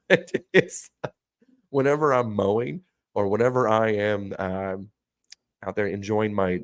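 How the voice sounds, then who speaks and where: A man co-hosting a podcast, casually telling animated, profane stories and laughing often. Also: lowish voice, no echo, clean studio sound. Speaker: podcast co-host. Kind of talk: casual chat.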